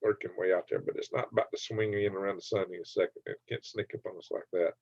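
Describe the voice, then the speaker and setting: A man's voice: sits low, steady tone, fast, darkish tone, slightly rough, no echo. A man hosting a late-night livestream, joking, laughing often and reading chat comments aloud. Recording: dry, slightly dull sound.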